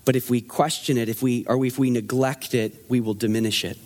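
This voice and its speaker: A man preaching a sermon in a conversational, animated way, asking the room rhetorical questions. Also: medium pitch, a little fast. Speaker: pastor.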